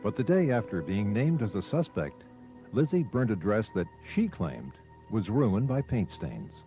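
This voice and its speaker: A man giving measured, scripted documentary narration. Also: on the low side, sing-song, rough recording. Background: soft music bed.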